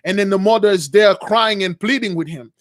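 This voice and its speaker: A man with a notably high voice tells a dramatic religious story off the cuff. He stumbles, restarts and repeats himself as he works through the scenes, but stays earnest throughout. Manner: halting, with many restarts and repeated words. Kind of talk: unscripted retelling of a vision.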